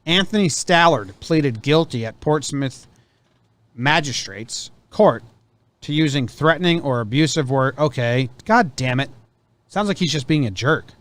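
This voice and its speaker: A man's voice: a little high, expressive, measured pace, fairly bright tone. Rambling male co-host reading news. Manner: rambling, self-correcting storyteller. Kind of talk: casual chat reading news stories.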